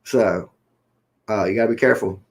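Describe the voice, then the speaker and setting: A man's voice: lowish voice, normal speed. A man telling a story in a casual, rambling way, often checking in with "right?" and acting out what people said. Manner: rambling, repeats "right?" often, acts out quotes. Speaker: livestream host.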